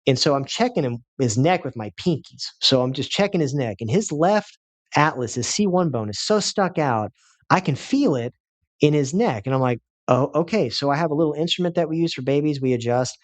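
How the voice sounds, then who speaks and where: A man, a chiropractor in his thirties, telling a personal story with lively acted-out quotes. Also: a little high, a little fast, no room sound. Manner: animated storyteller who acts out quoted voices.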